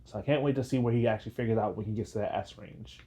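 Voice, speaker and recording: A man hosting an anime reaction video in casual chat, joking and rambling, breaking into high laughs. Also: racing, warm tone. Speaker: reaction channel host.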